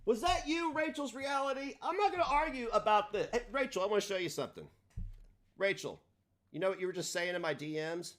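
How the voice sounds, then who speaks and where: A man's voice: high voice, animated, fairly quick. Combative, profane man ranting on a stream. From United States. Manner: combative, profane, swings loud and soft. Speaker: livestream host. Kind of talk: ranting livestream talk.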